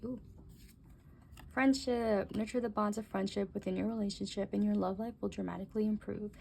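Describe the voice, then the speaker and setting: Young woman, tarot reader, casual, gentle, musing, gravelly, mid pitch. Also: steady tone, a little fast, background noise. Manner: gentle, musing, exclaims softly at cards.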